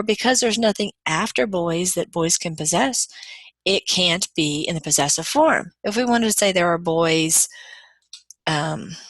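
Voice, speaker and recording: Gravelly-voiced woman giving a patient lecture. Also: lowish voice, fairly bright tone, dry recording. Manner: patient, walks through examples step by step. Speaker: college lecturer. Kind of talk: recorded grammar lecture.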